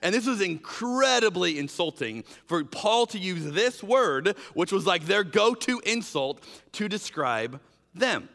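This pastor's gravelly voice sits high and moves a little slowly, echoing with a long reverb tail. Preaching in a conversational way with fillers like "like" and "you know," he animatedly acts out quoted exchanges in changing voices.

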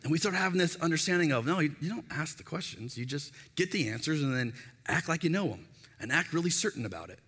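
A man in his thirties preaches a sermon, his high voice bright and forceful. He swings his pitch all over as he tells stories and acts out the voices in them. A long reverb trails each phrase in a big room. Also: quick pace, slightly rough. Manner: animated storytelling, acts out quoted voices. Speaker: pastor.

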